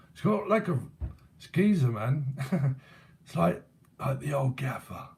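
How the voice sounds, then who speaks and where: Slow, musing man channeling spirits. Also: medium pitch, lively intonation, creaky, a little mellow, a little hiss or hum. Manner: musing, chuckling, loose and casual. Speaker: tarot reader, psychic. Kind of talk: psychic channeling session.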